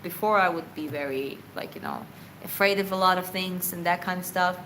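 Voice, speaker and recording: A woman's voice: fairly low pitch, fairly quick, pushed and bright, slight background noise, rough recording. A woman boxer answering viewer questions in a casual livestream Q&A. She talks in an earnest, reflective way, rambles, corrects herself and laughs often.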